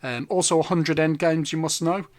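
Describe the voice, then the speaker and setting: Chatty man, a bit high. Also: steady tone, dry recording. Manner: chatty, enthusiastic, recommends things with quick asides. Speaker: podcast co-host. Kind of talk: casual chat.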